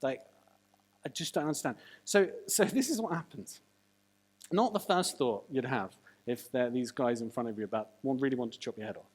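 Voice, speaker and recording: A preacher giving a sermon, animated and full of jokey asides and rhetorical questions. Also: mid-range voice, normal speed.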